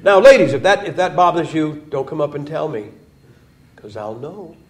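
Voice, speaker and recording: A man's voice: fairly high pitch, moderate pace. A man preaching in a church, joking and emphatic, with mocking quoted voices. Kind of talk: sermon.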